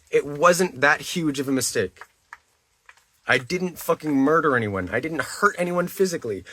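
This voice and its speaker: A man's voice: on the high side, lively intonation, moderate pace, fairly bright tone. A man livestreaming to his chat, talking defensively, repeating himself and swearing.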